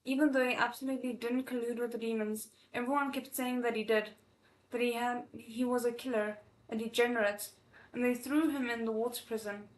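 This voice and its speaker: Woman reading a young guy disciple all worked up, pleading, kinda high voice in an echoey room. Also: fairly even intonation, a little fast, lightly acted. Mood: tearful. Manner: impassioned, pleading. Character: angry grieving young male disciple.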